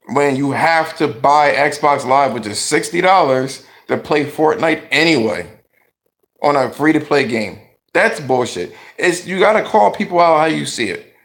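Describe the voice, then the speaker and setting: A man's voice: a little high, gravelly, fairly bright tone. Blunt, profane man ranting about games. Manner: talkative. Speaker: gaming commentator. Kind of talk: ranting vlog commentary.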